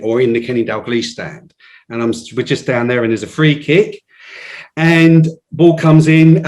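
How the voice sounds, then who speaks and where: A man, a podcast guest telling a story in an animated way, often restarting his sentences. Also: medium pitch. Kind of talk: casual storytelling.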